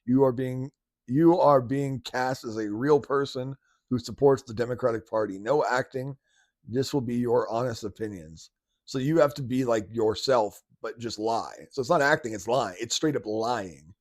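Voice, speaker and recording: A man's voice: mid-range voice, normal speed, no echo, studio quality. A man hosting a podcast, reacting to clips in casual, slangy talk with frequent laughs. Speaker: podcast host. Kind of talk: casual commentary.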